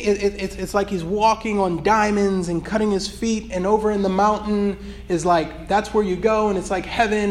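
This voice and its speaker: A man preaching in a loose, rambling way, with many restarts, before reading from a book. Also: high voice. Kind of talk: sermon with read excerpt.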